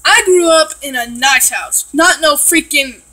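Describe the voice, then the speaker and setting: A woman's voice: high voice, a little slow, sharp tone, rough recording. A woman from Texas, chatting casually and ranting with lots of swearing and filler words while reacting to a video.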